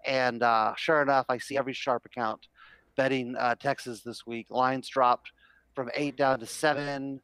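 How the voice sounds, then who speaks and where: A man co-hosting a sports betting show on a headset mic, relaxed, explaining his tips with many pauses. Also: mid-range voice, smooth, no echo, low-quality recording. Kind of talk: casual sports talk.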